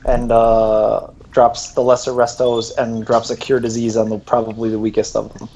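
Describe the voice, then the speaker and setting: A man's voice: medium pitch, monotone, normal speed, creaky, a little mellow, slight background noise, poor audio. Easygoing male tabletop player. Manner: easygoing, thinking aloud with fillers. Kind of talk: casual game talk.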